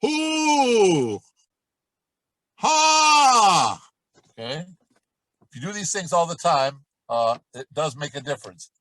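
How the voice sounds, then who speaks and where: A middle-aged man leads a vocal warm-up lesson with a fairly high voice. He explains in a relaxed, chatty way and breaks into loud demonstration calls. The sound is dry and close, with no room around it. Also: fairly quick, no room sound, rough recording. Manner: demonstrates exercises with loud sung shouts and quacks. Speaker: voice coach.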